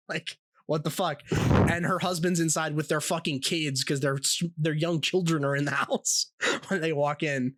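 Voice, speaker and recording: A young man co-hosting a podcast, telling stories in a casual, animated way with plenty of swearing and laughter. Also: fairly high pitch, normal speed, no echo. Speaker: podcast co-host.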